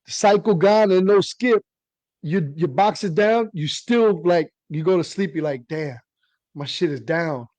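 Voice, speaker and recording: A middle-aged man, telling hobby stories in an animated, laughing casual chat. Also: high voice, a little slow, dry recording. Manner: animated storytelling, laughs while talking. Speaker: radio hobbyist guest.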